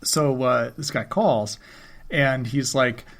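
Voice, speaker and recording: A man's voice: mid-range voice, takes it slowly, fairly bright tone. A man co-hosting a podcast in casual chat, reacting with short responses and then telling a story of his own. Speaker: podcast co-host.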